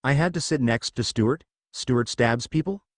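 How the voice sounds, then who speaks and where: A man's voice: mid-range voice, moderate pace, no room sound, studio quality, lightly acted. A man voicing a complaining, indignant teenage boy in a fan fiction reading. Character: exasperated teenage boy, nephew.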